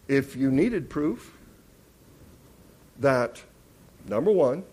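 A man's voice: mid-range voice, expressive, drawn-out words. A man preaching a sermon, emphatic and teacherly, asking questions and answering them. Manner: emphatic, rising loud on key words.

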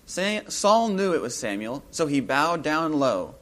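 A man with a somewhat raised pitch gives an informal Bible talk. He muses aloud between points and grows animated when he retells the story's scenes. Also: measured pace.

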